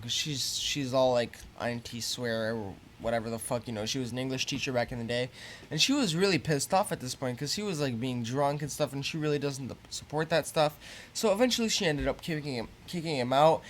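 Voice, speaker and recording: A teenage boy telling a story to his viewers in a rambling, casual way, full of fillers and swearing, getting louder when annoyed. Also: medium pitch, fairly quick, a little hiss or hum. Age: teens. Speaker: YouTuber.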